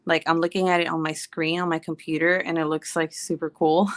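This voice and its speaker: A woman's voice: deep voice, little pitch movement, a little fast. Chatty woman on a home livestream. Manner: chatty, rambling, often laughing. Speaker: livestream host. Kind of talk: casual livestream chat.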